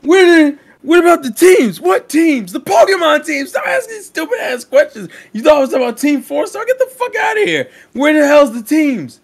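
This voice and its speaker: A frantic male studio boss, put on by a man, yelling in a shrill, strained voice. His pitch leaps high and his delivery is wild and scattered. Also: very animated, moderate pace, few pauses, heavily acted.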